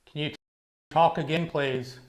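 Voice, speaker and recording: A man investigating a dark, cold old building alone, talking in a hushed, jumpy way and calling out to unseen spirits. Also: fairly high pitch, steady tone, a little slow. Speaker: paranormal investigator. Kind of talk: ghost-hunting narration and calling out to spirits.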